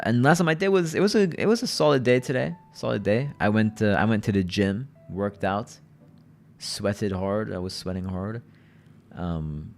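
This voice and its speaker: A man hosting a livestream, chatting casually with viewers in loose slang and often repeating his phrases. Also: on the low side. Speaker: livestream host.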